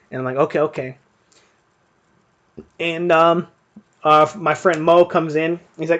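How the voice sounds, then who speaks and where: A man's voice: on the high side, level tone, normal speed, pauses often, fairly bright tone. Rambling, profane man telling a fight story. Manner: rambling, profane, lots of fillers. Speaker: boxing stream host. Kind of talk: casual storytelling during live fight commentary.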